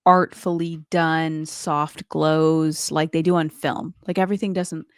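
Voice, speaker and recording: A woman's voice: deep voice, flat delivery, a little slow, dry recording, studio quality. A woman co-hosting a podcast in casual chat, talking with lots of "like" and playful quoted voices. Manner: chatty, says "like" a lot, quotes people in playful voices. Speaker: podcast co-host.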